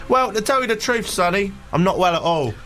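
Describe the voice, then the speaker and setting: A weary, complaining scarecrow with a Scouse accent, voiced by a man. The voice sits fairly high and moves up and down a lot in pitch. Faint music sits behind it. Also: lively intonation, fairly quick, a bit bright. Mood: glum. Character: gloomy male scarecrow, fed up.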